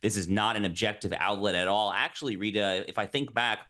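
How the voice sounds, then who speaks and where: A man speaking as a guest commentator in a live news interview, making his case in a rapid, emphatic, argumentative way. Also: fairly low pitch, bright, forceful tone.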